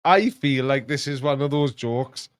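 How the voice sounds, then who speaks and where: A man's voice: medium pitch, unhurried, smooth, dry recording. A middle-aged man chatting as co-host, rambling and hesitant, teasing his son. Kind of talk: casual chat.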